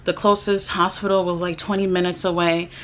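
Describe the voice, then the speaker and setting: A woman's voice: lowish voice, level tone, a little fast. Young woman vlogger, candid storyteller, blunt and indignant, swears freely. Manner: chatty, with many fillers and restarts. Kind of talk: personal storytelling to camera.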